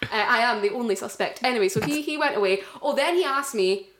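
A young woman co-hosting a podcast, telling an animated story with frequent laughter. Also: fairly high pitch, quick pace, background noise. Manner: animated storyteller, laughs often, mimics others. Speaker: podcast co-host. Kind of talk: casual chat, storytelling.

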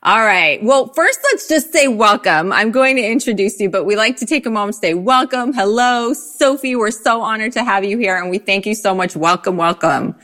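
A woman's voice: medium pitch, animated, moderate pace, hardly any pauses, a bit bright. A woman co-hosting a podcast who introduces her guest in a gushing, effusive way, often laughing. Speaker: podcast co-host.

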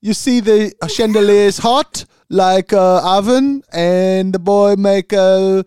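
A man voicing a bumbling male Swedish king with a put-on Swedish accent, speaking halting broken English. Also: sits high, darkish tone, clear, resonant tone, dry recording, studio quality, pitched above the performer's own voice. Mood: flustered.

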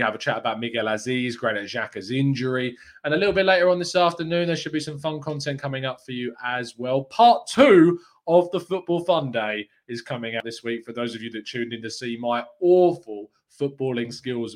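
Guy hosting a footy fan show live, chatty and upbeat, middle pitch, answers chat comments as he goes. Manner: chatty and upbeat, with frequent fillers and quick laughs. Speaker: football show host.

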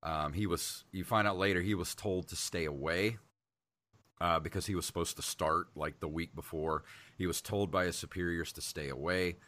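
A man's voice: low-pitched, steady tone, normal speed, fairly bright tone. A man in his thirties co-hosting a casual podcast, talking in a laid-back, rambling way with lots of fillers. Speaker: podcast co-host, game reviewer.

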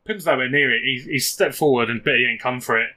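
A man's voice: mid-range voice, quick pace, pushed and bright, a little hiss or hum. A man co-hosting a football podcast, chatting casually and doing joking match commentary. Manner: laddish, self-mocking. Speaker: podcast co-host.

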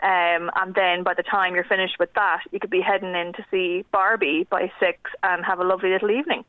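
Over a tinny phone line, a young Irish film news editor talks animatedly about movies as a radio guest, laughing frequently. Her voice is lowish and level in tone, fairly quick, with no echo.

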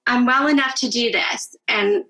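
A woman's voice: fairly high pitch, normal speed, gravelly, sharp tone, rough recording. A woman co-hosting a podcast, talking in an earnest, reflective way in casual chat. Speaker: podcast co-host.

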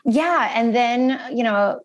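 A woman in her thirties, a guest in an interview, telling a personal story in an earnest, animated way and acting out the voices of the people in it. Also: on the high side, slow pace, dull audio. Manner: earnest and animated, acting out quoted phone calls.

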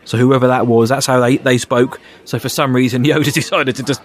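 Male co-host, casual rambling chat, mid voice, self-deprecating, quick to laugh. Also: mid-range voice. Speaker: podcast co-host.

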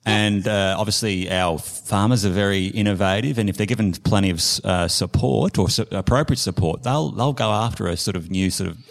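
A man co-hosting a podcast, measured and thoughtful, pausing with fillers as he builds his point. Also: lowish voice, creaky. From Australia. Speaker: podcast co-host. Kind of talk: casual podcast chat.

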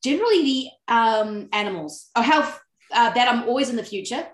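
A woman's voice: on the high side, expressive, brisk. Giggly New woman in a roomy room. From New Zealand. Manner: giggly and chatty, laughs often. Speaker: podcast guest. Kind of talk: casual interview chat. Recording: roomy echo.

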